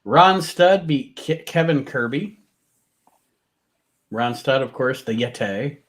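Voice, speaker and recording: A man co-hosting a casual chat, reading out old match results in an unhurried way and chuckling often. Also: mid-range voice, animated, fairly bright tone. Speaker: podcast co-host.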